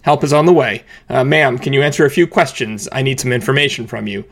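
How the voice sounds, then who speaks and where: A man voicing a calm emergency dispatcher in a brisk, flat, procedural tone. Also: mid-range voice.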